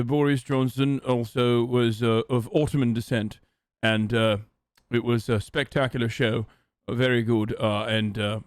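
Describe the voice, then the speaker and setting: A man's voice: mid-range voice, clean tone, no echo, clean studio sound, pitched below the performer's own voice, close to an everyday voice. A man putting on a posh British accent to play a pompous, rambling politician who stalls with endless ums and uhs. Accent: put-on posh British. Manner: halting, full of ums and uhs.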